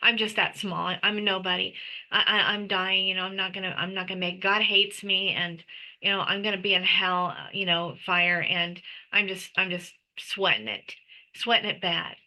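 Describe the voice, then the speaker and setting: A middle-aged woman appears as an interview guest and gives an emotional personal testimony, speaking intensely and often restarting and stammering. Her mid-range voice is bright and forceful, with fairly even intonation and a moderate pace, and the recording quality is low.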